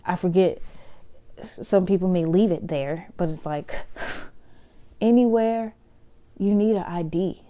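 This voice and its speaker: A woman's voice: lowish voice, takes it slowly, long pauses, dark tone. A woman hosting her own podcast, chatting casually and laughing often. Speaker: podcast host. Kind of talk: casual solo podcast monologue.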